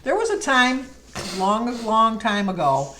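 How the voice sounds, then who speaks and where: A woman's voice: fairly high pitch, very animated, slow, fairly bright tone, slight background noise, rough recording. A middle-aged woman vlogger chatting casually and rambling fondly through a list of questions. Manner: chatty, rambling, fond storytelling. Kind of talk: casual chat.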